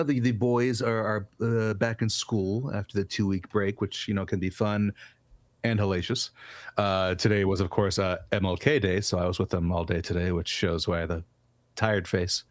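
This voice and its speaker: A man's voice: mid-range voice, no echo. Easygoing chuckling father on a podcast. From California. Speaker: podcast co-host. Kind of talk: casual chat.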